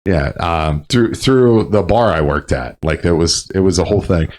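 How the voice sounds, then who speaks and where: A man, a Marine veteran, telling stories in casual chat, profane and animated with loud bursts. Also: sits low, normal speed, a little hiss or hum. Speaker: podcast guest, Marine veteran.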